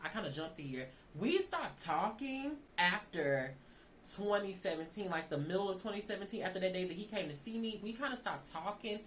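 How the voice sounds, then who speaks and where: A woman's voice: medium pitch, expressive, normal speed, fairly bright tone, a little hiss or hum, low-quality recording. A young woman, chatting animatedly to viewers in a casual storytime. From Southern United States. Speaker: vlogger.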